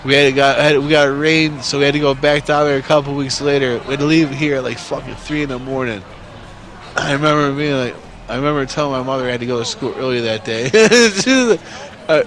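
A man's voice: medium pitch, creaky, a bit bright, slight background noise. A man in his forties from New York State telling a story casually, rambling and swearing constantly. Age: 40s.

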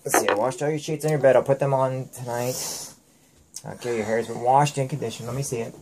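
Dad, earnest and firm, mid-pitched voice, lecturing his child at home. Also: steady tone, fast talker, noisy background. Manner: firm, lecturing, repeats "okay?". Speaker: father. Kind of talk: earnest talk with his young daughter.

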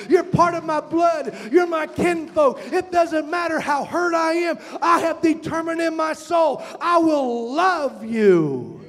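A male pastor preaching a sermon, building from calm storytelling to shouted, impassioned passages. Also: very high voice. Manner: preaching with rising shouted passages and dramatic quotes. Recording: reverberant church hall.

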